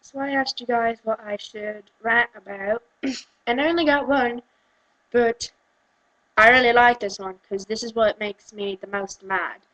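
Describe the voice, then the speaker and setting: Woman vlogger, fed-up rant, fairly high voice, animated. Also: unhurried, low-quality recording. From United Kingdom. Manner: exasperated, animated, switches into mocking quoted voices. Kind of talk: casual ranting vlog.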